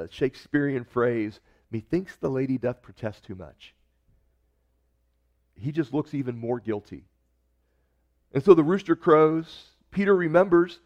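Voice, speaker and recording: Preaching man with lively acted quotes. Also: medium pitch, dull audio. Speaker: pastor. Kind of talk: sermon.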